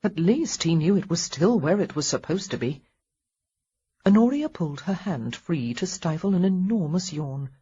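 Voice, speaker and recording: Husky low-voiced female narrator. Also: normal speed, dull audio. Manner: calm, even storytelling. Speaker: audiobook narrator. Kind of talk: scripted narration.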